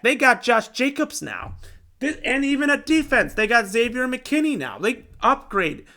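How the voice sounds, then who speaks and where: A young man hosting a sports show, giving casual game predictions in an excitable, animated way. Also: high voice. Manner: excitable, animated fan talk.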